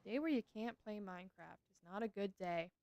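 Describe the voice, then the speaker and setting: A woman's voice: medium pitch, brisk, darkish tone, no echo, lo-fi sound. A woman streaming a game, chatting casually with her viewers and gushing over cute animals.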